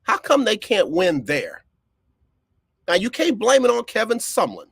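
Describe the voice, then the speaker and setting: A middle-aged man, hosting a casual live-streamed sports talk show. He talks in an animated way, repeats phrases for emphasis and jumps up in pitch when he gets fired up. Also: a little slow, gravelly, slightly rough, no room sound.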